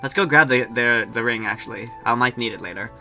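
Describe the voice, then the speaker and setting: A man's voice: medium pitch, fairly quick, bright, forceful tone, faint music behind. A young man giving casual, jokey gameplay commentary as a streamer, chatting with his viewers. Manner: chatty, jokey, talks to chat. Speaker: game streamer.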